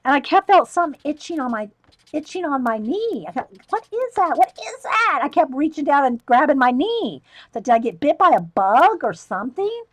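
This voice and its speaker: A woman's voice: high-pitched, big pitch swings, fairly quick, no echo. A middle-aged woman telling rambling stories while painting on a livestream, often breaking into laughter. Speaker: art livestreamer. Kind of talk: chatty storytelling while painting.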